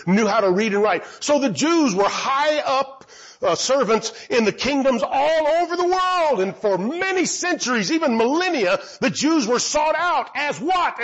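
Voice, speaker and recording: A man's voice: extremely high pitch, slightly rough, lo-fi sound. A man giving a Bible teaching talk, asking rhetorical questions and answering them himself.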